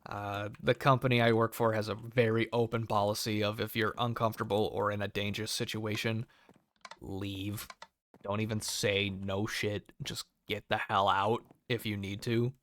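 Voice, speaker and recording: A man's voice: lowish voice, little pitch movement, normal speed, a bit bright. A young American man telling a work story in a sarcastic, profane, casual way and acting out the people in it. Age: young adult. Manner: profane, sarcastic, acts out quoted voices. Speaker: cable technician storyteller.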